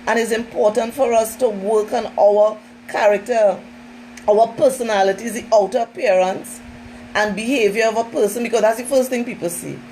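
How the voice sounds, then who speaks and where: A woman's voice: on the high side, moderate pace, warm tone, slight background noise, poor audio. Emphatic woman trainer giving a talk. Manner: emphatic, conversational, often says "listen" and "you know".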